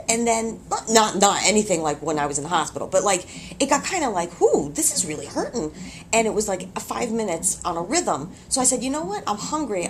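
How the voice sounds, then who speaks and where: A woman in labor in a hospital room tells her story in casual, animated, exclamatory speech with frequent laughs, recorded on a handheld camcorder's built-in mic. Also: medium pitch, a little hiss or hum. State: having contractions.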